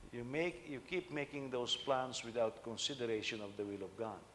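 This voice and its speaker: A man's voice: medium pitch, fairly even intonation, moderate pace, fairly bright tone, a little hiss or hum. Man preaching in a reverberant hall. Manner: conversational, asks the listeners rhetorical questions. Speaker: senior pastor. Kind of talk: sermon.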